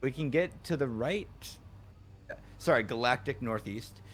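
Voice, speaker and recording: A man's voice: mid-range voice, expressive, measured pace, slight background noise. A man streaming a video game, casually joking, swearing and riffing on tangents with his co-host. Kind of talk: casual let's-play banter.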